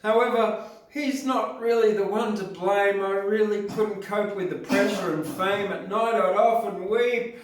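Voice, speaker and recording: A man doing a high, lilting pop-star ghost. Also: steady tone, unhurried. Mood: plaintive. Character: a famous pop singer's ghost, soft high male pop star. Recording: roomy hall from a distance.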